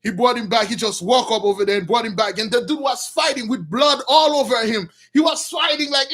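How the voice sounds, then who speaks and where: A man with a very high voice and retells an old story to his viewers. He talks in animated bursts that often rise into shouts, then backs up to restart his sentences. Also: a little fast. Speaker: religious storyteller.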